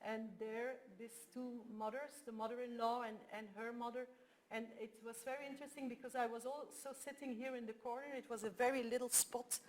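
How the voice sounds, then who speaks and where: A woman with a Flemish accent speaks English as her second language, her first being Dutch. Her voice sits slightly high, and she gives a conference talk as a string of animated anecdotes. She restarts her sentences often as she goes. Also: brisk. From Belgium. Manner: animated storytelling with frequent restarts.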